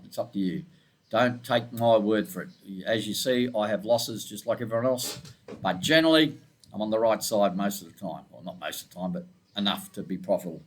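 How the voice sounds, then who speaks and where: A man from Scotland with an Australian accent, walking through his trading charts in a laid-back, informal and self-deprecating way. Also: mid-range voice. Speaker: forex trading analyst. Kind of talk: casual screen-share market walkthrough.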